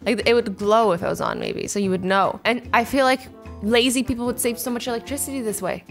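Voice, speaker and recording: A young woman in her twenties doing a casual reaction vlog at home, bubbly and animated, acting out quick little scenarios. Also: fairly high pitch, faint music behind. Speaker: YouTuber reacting to invention ideas.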